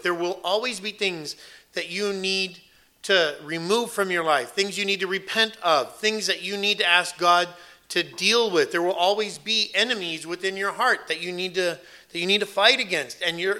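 A man's voice: sits high, pushed and bright. A man preaching an earnest sermon, emphatic and repeating phrases for weight. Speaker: pastor.

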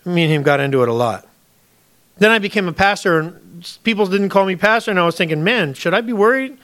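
A man's voice: high voice, fast talker, fairly bright tone. A man, a pastor, preaching a conversational sermon, often acting out pleading prayers to God and addressing the congregation as folks.

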